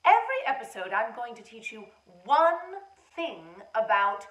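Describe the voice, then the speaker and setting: Pompous flamingo puppet, woman-voiced, theatrical, slow and deliberate, echoey room. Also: fairly high pitch, very animated, fairly bright tone, highs cut off. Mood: grand. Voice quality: theatrical, self-important, declaiming. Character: pompous grand female flamingo puppet teaching Shakespeare. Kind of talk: children's puppet show.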